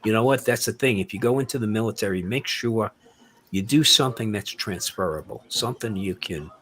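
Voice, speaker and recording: Older male host, lowish voice, easygoing rambling chat full of uhs. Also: fairly quick, a bit bright, a little hiss or hum. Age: 60s or older. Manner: rambling, many fillers and restarts. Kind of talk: casual group chat.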